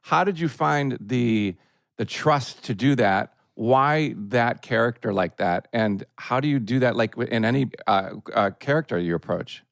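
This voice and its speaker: A man's voice: medium pitch, lively intonation, unhurried, gravelly, no room sound, studio quality. Eager rambling co-host man. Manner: eager, frequent yeahs, rambling questions. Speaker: podcast co-host. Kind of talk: casual chat.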